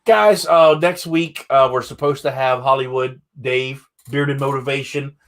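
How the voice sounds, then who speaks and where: A man's voice: mid-range voice, steady tone, a little slow. A man hosting a casual interview podcast, talking candidly and rambling with enthusiasm. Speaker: podcast host.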